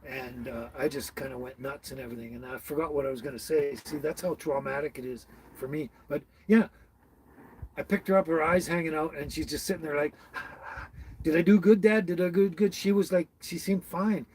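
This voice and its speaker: A man's voice: a little high, moderate pace, a little hiss or hum, poor audio. A middle-aged man hosting a casual live stream, chatting with viewers by name in a rambling way and laughing often. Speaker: livestream host.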